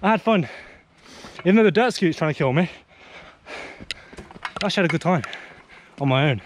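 A young man with a British accent, chatting excitedly as he vlogs at outdoor dirt jumps. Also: a little high, a little fast. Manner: excitable, chatty, exclaiming often. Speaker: vlogger. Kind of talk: casual vlog chat. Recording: outdoor noise, nearby traffic.

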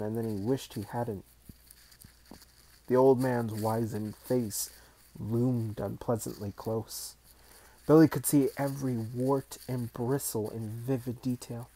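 Reader: man narrating a storybook, measured and unhurried, low mellow tone. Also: rough recording. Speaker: audiobook reader. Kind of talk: storybook reading.

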